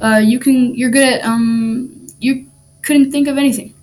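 A woman's voice: high-pitched, fairly even intonation, a little slow, darkish tone. A woman voicing an upbeat, kind male sea sponge in a storybook reading, patient and encouraging. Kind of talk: storybook read-aloud voice.

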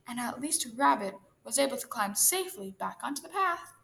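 A woman reading a children's story aloud in a gentle, expressive manner. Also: a little high, brisk, vocal fry, hardly any pauses, a little hiss or hum.

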